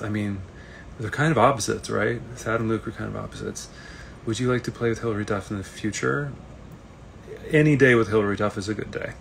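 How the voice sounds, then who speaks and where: On a casual live video stream, a man reads fan comments aloud and answers them in an easygoing, rambling way. His low, gravelly voice is a bit bright, with a faint hiss underneath, and he chats without hurrying.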